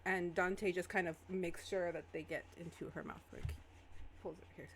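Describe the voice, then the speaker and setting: A woman's voice: fairly low pitch, fairly even intonation, moderate pace, slight background noise. A woman narrating a tabletop game as game master in a casual, hesitant way.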